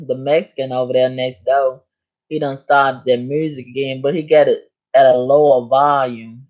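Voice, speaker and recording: Woman streamer, low voice, chatty vernacular host answering chat, muffled lo-fi audio. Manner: chatty, reads and answers viewer comments. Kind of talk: casual live stream chat.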